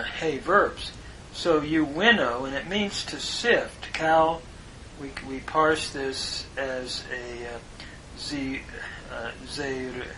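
A man giving a lesson on Hebrew grammar, speaking in a measured way with pauses and frequent "uh" fillers as he spells out terms. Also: mid-range voice, pushed and bright, slight background noise, poor audio. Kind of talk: slow explanatory lecture.

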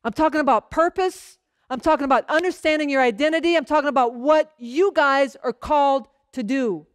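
A woman pastor moves briskly through a storytelling-style sermon, frequently checking in with her listeners. She lowers her voice to act out brief pieces of dialogue. The recording is studio quality, with no room sound.

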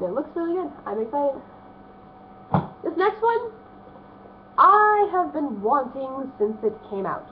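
A woman's voice: medium pitch, slight background noise. A woman in her thirties chatting in a rambling way about her book haul, with a stuffy nose and lots of fillers. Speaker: vlogger showing a book haul. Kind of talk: casual chat. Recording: tinny, phone-like lo-fi audio.

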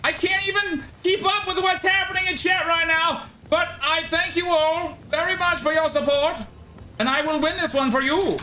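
A woman streaming a game live, excitable and trash-talking opponents while she swears and thanks her viewers. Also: very high-pitched, moderate pace, slight background noise. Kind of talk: live gameplay streaming commentary. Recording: game music playing underneath. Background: game music.

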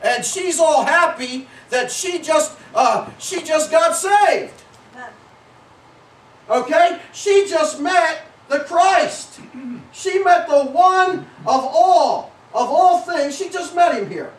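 High-voiced, excitable preaching man. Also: slow pace. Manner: animated, folksy preaching that breaks into shouts. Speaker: pastor. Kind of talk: sermon. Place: church sanctuary. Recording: echoey church from a distance.

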